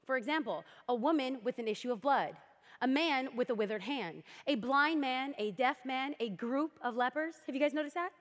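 A young adult woman preaching a sermon, telling the story with animated energy and acting out voices. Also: sits high, moderate pace, long reverb tail.

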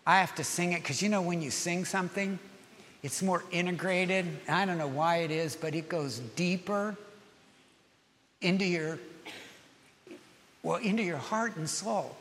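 Man, pastor, sermon, high pitch, lively preaching, long hall reverb. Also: unhurried, pauses often, slight background noise. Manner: animated preaching, softening to gentle prayer.

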